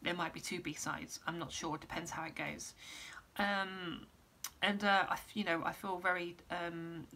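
Woman, casual vlogger, losing her voice, lowish pitch, rambly. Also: steady tone, measured pace, bright, forceful tone. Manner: rambling, lots of ums and restarts. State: losing her voice, clearing throat. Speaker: musician giving an update. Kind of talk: casual vlog update.

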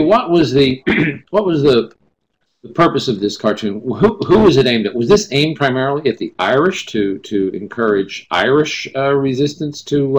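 A man moderating a webinar, asking a guest questions in a halting way and clearing his throat. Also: medium pitch. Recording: dull lo-fi sound.

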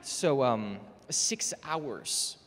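A man's voice: mid-range voice, animated, extremely slow. A young man, a student singer, casually introducing his song to an audience, chatty and joking with many fillers. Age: young adult. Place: recital hall. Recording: echoey hall with music.

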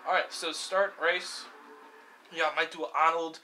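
A young man giving casual, excitable let's-play commentary while racing, swearing freely and cheering the cars on. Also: fairly high pitch, a little slow, slight background noise. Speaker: gameplay commentator. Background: game music and car engine sounds.

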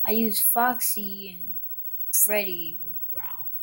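A woman's voice: mid-range voice, slow, gravelly. A woman giving casual, giggly gameplay commentary while chatting to the animals in her game.

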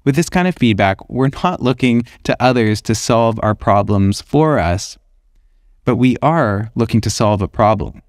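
A man's voice: medium pitch, animated, a little slow, dry recording, clean studio sound. A man, an illustrator hosting his own podcast, talking through his ideas in a thoughtful, conversational way. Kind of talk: reflective solo podcast talk.

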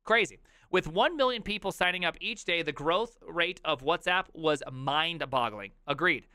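A man in his thirties reacting to an article on a live stream, reading aloud and riffing with jokey, loud outbursts. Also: on the high side, moderate pace, dry recording, studio quality. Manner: animated, jokey, reads aloud then riffs with loud outbursts.

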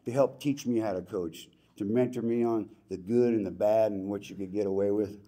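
Man, middle-aged, low warm voice; heartfelt, casual acceptance speech at a banquet. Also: fairly even intonation, brisk. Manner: plainspoken and folksy, with casual slang. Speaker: hall of fame inductee giving acceptance speech. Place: banquet hall ceremony.

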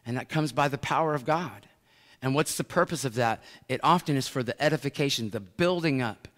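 A middle-aged American pastor preaching a sermon, telling a story with swings from hushed to loud. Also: male voice, mid-range voice. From United States. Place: large church sanctuary. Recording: long church hall reverb.

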